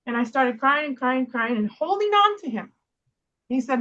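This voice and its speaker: A woman hosting a casual chat, telling a personal story in an animated way and speeding up when she quotes herself. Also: high-pitched, normal speed, highs cut off. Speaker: host.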